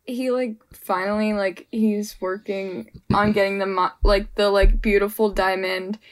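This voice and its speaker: A young woman brainstorming a silly story with friends, excitable and full of fillers. Her pitch sits in an ordinary middle range. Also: measured pace. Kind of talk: casual improvised storytelling.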